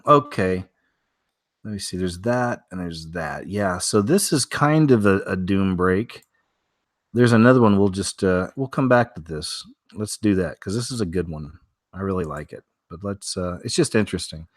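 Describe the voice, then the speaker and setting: A man's voice: on the low side, animated, moderate pace, dry recording. A man hosting a weekly strange-news show from home, talking casually and rambling through stories with many fillers and restarts.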